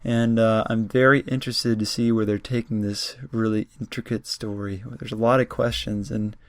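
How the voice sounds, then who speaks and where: A man's voice: lowish voice, flat delivery, moderate pace, no room sound. A man casually commenting while playing a story game and chatting to his viewers. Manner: chatty, reads game text aloud, talks to viewers. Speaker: let's play gamer.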